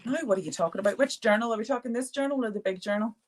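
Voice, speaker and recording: A woman's voice: a little high, racing, a little hiss or hum. A woman hosting a live art therapy stream, chatting casually, laughing often and answering viewer comments as she goes. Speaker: art therapy session host.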